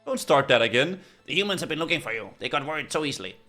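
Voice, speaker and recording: A man's voice: on the high side, lively intonation, very fast, sharp tone, faint music behind. A man voicing a big lovesick talking tomcat, reading game dialogue dreamily. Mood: scolding.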